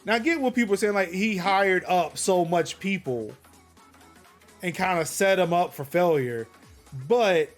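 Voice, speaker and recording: A man with a high-pitched voice hosts a loose tech chat, sounding animated and indignant and restarting sentences as he goes. Faint music runs quietly under the talk. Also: a little slow. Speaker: podcast host. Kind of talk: casual chat.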